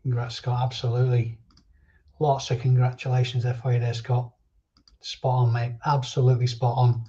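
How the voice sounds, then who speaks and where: A man's voice: mid-range voice, completely flat delivery, normal speed, mellow. A man hosting a casual live stream chat, reading viewer comments and chatting in a rambling way. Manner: chatty, answers viewer comments and drifts between thoughts. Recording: dull lo-fi stream audio.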